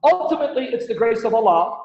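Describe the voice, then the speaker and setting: Animated high-pitched man quizzing listeners. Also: fast talker. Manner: animated, rhetorical questions, presses listeners for answers. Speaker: Christian apologist host. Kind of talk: livestream Bible-Quran debate teaching. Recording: echoey, dull lo-fi stream audio.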